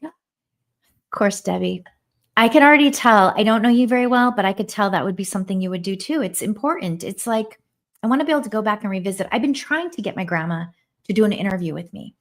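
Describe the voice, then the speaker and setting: A woman in her forties chats on her home livestream, warm-hearted and rambling. She stops to answer viewers' comments as they come in. Her pitch sits in the middle of the range for a woman. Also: animated, quick pace. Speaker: livestream host. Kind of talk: casual live-stream chat.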